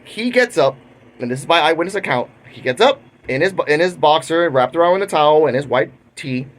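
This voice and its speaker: Animated and brisk, with a slightly high voice, this young Puerto Rican man hosts a commentary channel. He retells a news story in a casual way, with frequent restarts.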